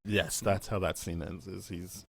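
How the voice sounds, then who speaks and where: Low-voiced laid-back man. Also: fairly even intonation, creaky, a bit bright, breathy edge, no echo. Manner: laid-back, many drawn-out "um"s. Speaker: podcast host. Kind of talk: casual chat.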